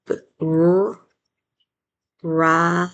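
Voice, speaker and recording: A woman teaching a spelling lesson, sounding out words slowly and patiently one syllable at a time. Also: on the low side, flat delivery, highs cut off.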